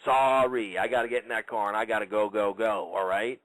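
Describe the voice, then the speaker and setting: A man's voice: on the low side, steady tone, fairly quick, no echo, rough recording. A man hosting an internet radio talk show, swearing constantly as he rants in casual chat. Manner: loud, ranting, swears constantly. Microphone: internet radio call-in line.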